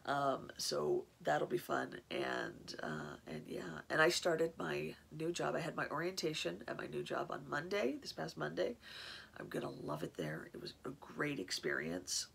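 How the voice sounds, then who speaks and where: A woman's voice: low voice, sing-song, unhurried, vocal fry, a bit bright, a little hiss or hum. A woman from California hosting a craft podcast in a casual, rambling chat, often restarting her sentences. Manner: rambling, chatty, many restarts. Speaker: podcast host.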